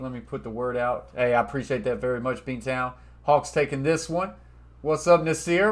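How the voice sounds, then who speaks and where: Male stream host reading chat and thanking viewers, easygoing, perks up loudly for donations. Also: mid-range voice. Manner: reads chat messages aloud and thanks viewers, gets loud and excited over donations. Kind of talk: casual live-stream chat reading comments.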